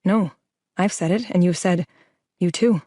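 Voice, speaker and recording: A woman's voice: on the low side, unhurried, warm tone, dry recording, clean studio sound. A woman voicing a weary, hurt young husband in an audiobook. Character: young adult husband, injured, tired and wounded. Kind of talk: audiobook character voice.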